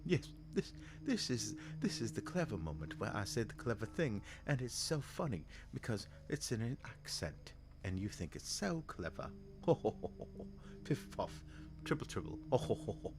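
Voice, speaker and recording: A man's voice: fairly low pitch, sing-song, normal speed, background noise. A man voicing a smug, self-satisfied English narrator in a mocking, sing-song way.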